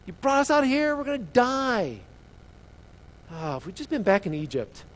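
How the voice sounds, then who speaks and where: A man's voice: fairly high pitch, big pitch swings, quick pace, a little mellow. A man voicing whiny, grumbling desert wanderers who complain of hunger and thirst.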